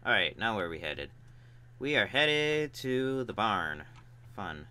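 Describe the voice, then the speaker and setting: A man's voice: fairly low pitch, big pitch swings, slow pace, sharp tone. A young man swearing and joking through casual gameplay commentary. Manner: profane, joking, talks to the game. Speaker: gamer. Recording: keyboard and typing noise behind.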